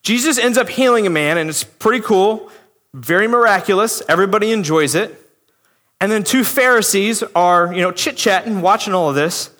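A man's voice: sits high, normal speed, fairly bright tone. A man preaching a sermon in a conversational, emphatic way, acting out the voices he quotes. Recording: long hall reverb.

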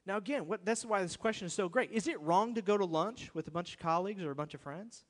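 High-voiced pastor preaching in a reverberant hall. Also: male voice, fast, hardly any pauses. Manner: conversational and emphatic, with repeated rhetorical questions. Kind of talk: sermon. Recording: long reverb of a church hall.

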